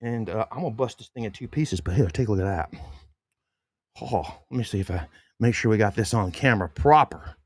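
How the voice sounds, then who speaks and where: A man's voice: lowish voice, expressive, brisk, darkish tone, no room sound. Male host, folksy sponsor-read energy, dry close mic. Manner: chatty, folksy, many fillers and restarts. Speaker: podcast host. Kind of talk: casual sports podcast chat with sponsor reads.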